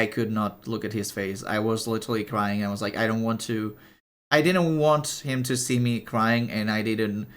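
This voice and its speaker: Halting, confiding young man streamer. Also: medium pitch, a bit bright. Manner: rambling and halting, with many restarts and fillers; emotional and confiding. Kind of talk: casual live-stream storytelling.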